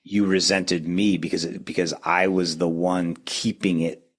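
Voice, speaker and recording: Very deep-voiced earnest man. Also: flat delivery, a little slow. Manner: earnest, reflective, restarts often. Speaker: guest. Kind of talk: reflective conversation.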